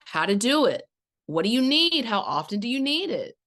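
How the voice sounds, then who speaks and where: On her casual solo podcast, a middle-aged woman who works as a life coach tells a story at normal speed in a voice on the high side. She acts out quotes with energy and speaks directly to listeners as y'all.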